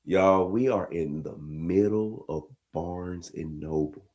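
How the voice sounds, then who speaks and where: A man telling a funny family story as host, dropping to low asides and bursting into high laughing shouts. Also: slow pace. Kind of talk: storytelling comedy reaction.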